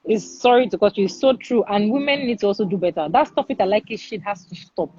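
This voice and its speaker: A woman's voice: medium pitch, expressive, fast, warm tone, breathy edge, dull audio. A woman with a Nigerian accent hosting a podcast, speaking forthrightly and with emphasis. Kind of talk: candid podcast discussion.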